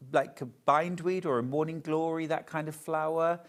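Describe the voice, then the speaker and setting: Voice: mid-range voice, unhurried, few pauses. A shopping channel presenter, chatting and gushing over fabrics during a live TV sale.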